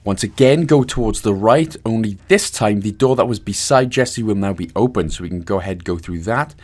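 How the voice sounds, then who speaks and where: A man's voice: fairly low pitch, a little fast, a little mellow. Man, Welsh accent, casual game walkthrough, voice-over, jokey, self-mocking. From Wales.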